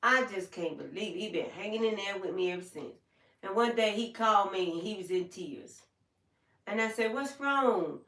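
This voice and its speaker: An older woman talks to her livestream viewers, telling her own story in a heartfelt, plain-spoken way and often repeating herself. Her voice sits at an ordinary middle pitch. It sounds set back from the microphone, in a room with a noticeable echo. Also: moderate pace, fairly bright tone, far from the mic. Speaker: livestream host. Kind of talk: emotional personal storytelling on a livestream. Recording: echoey room, voice away from the mic.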